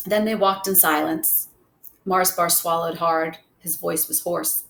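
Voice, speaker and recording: A woman reading a novel aloud in a steady storybook narration. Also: fairly low pitch, a little slow, vocal fry. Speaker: reader. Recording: roomy echo.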